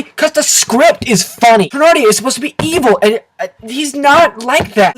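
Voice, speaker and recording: A man reviewing a film to camera in an excitable, animated rant full of exaggerated outbursts. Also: very high-pitched, a little hiss or hum, low-quality recording. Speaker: movie reviewer.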